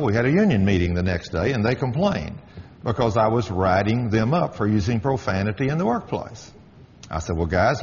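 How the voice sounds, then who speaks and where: A man's voice: lowish voice, slight background noise. Firm middle-aged man testifying in a hall. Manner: emphatic, firm, preacherly. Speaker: workplace manager giving a testimony. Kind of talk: spoken testimony with storytelling. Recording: dull audio with long hall reverb.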